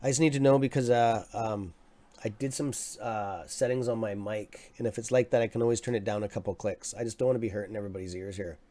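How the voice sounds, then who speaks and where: A man hosting a casual live stock market stream from his desk mic, excitable and quick to react, muttering and apologizing now and then. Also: lowish voice. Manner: excitable, swears under his breath, apologetic. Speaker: livestream host. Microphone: desk microphone.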